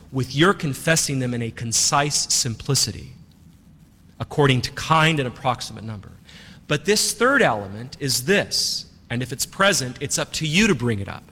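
A man's voice: mid-range voice, bright, forceful tone, in a large hall. A man preaching as a priest, who talks emphatically and repeats his key phrases. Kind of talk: sermon.

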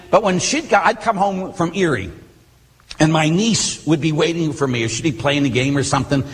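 Middle-aged male priest, husky voice, animated storyteller, long church reverb. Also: on the high side. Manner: animated storytelling with conversational asides. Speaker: Catholic priest. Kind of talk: sermon.

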